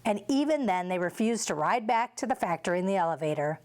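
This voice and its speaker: A woman reading a children's novel aloud for a school, with clear, steady storytelling. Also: mid-range voice, fast. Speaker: school read-aloud reader.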